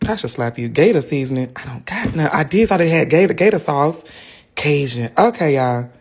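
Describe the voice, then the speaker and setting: A man's voice: a little high, lively intonation, moderate pace, a little hiss or hum. A man chatting casually to his viewers on a phone livestream, talking straight to them as he goes.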